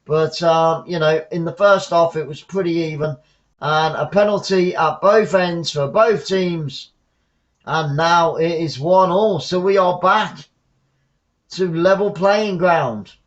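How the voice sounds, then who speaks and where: A man from England's south coast, speaking with a Southern English accent, gives chatty live football commentary as a fan and shouts when goals go in. His voice is on the high side and his pace slow, with the high frequencies cut off in the recording.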